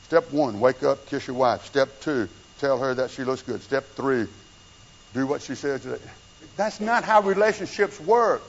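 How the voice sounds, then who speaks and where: A male pastor preaching a conversational sermon, swinging between hushed low passages and raised emphatic ones. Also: lively intonation, a little slow, slight background noise. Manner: conversational preaching with wide swings in pitch and loudness. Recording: dull lo-fi church recording with faint room sound.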